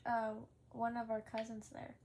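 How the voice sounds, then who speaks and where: Young girl, higher voice, shy, hesitant, giggly, chiming in. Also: completely flat delivery, normal speed, darkish tone.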